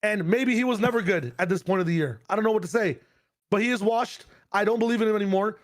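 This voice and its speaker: A hoarse male streamer hosting a watch party, ranting and swearing in mock outrage. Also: sits high, fast talker. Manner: ranting, profane, mock-dramatic. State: hoarse, losing his voice. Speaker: streamer host. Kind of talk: casual watch-party chat.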